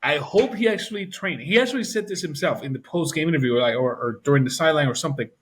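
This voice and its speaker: A man with a husky, slightly raspy voice that has a tense, cutting edge to it. He sits a touch higher in pitch than most men. He is co-hosting a casual football chat and rants about players with plenty of swearing. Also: lively intonation, fast talker, a bit bright. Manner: profane, ranting. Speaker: podcast co-host.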